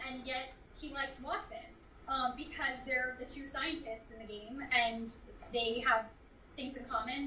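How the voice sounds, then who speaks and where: A woman's voice: high-pitched, pushed and bright, far from the mic, slight background noise. A woman, a voice actress, chatting enthusiastically as a guest in a casual interview. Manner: enthusiastic, gushing. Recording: echoey room, somewhat off-mic.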